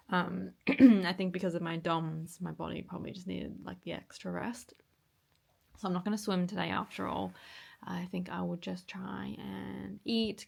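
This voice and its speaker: A woman vlogging in a casual chatty way, with frequent ums and soft half-whispered asides, in a morning voice. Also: medium pitch, creaky. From Australia. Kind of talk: casual vlog chat.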